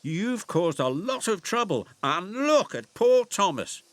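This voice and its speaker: A man's voice: sits high, big pitch swings, takes it slowly, no echo, voice pushed up, heavily acted. A man voicing a firm, scolding woman who runs a construction site in a children's storybook. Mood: stern. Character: stern motherly female site manager.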